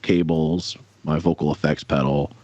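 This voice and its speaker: A man's voice: very deep voice, steady tone, moderate pace, a little mellow, dry recording. A man in a casual interview chat, rambling with many fillers and restarts over a video call. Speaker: musician guest. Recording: dull lo-fi audio.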